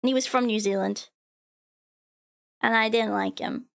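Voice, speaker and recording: A woman's voice: fairly high pitch, steady tone, normal speed, creaky, fairly bright tone. An Australian woman streaming as a VTuber, chatting casually and rambling with lots of filler words while she reads chat aloud.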